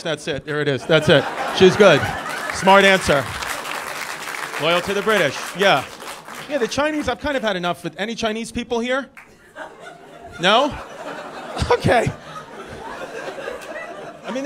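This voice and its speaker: High-voiced rambling comedian man. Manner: rambling, teasing, self-interrupting. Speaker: stand-up comedian. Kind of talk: stand-up comedy with crowd work. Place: comedy club. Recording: live club with loud crowd and noise.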